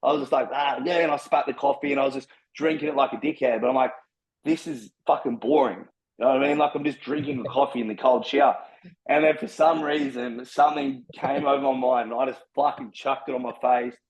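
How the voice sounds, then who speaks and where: A man's voice: mid-range voice, steady tone, fast talker, a crowd in the background, low-quality recording. A man in casual chat, talking bluntly and swearing heavily in a preachy way. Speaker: podcast guest.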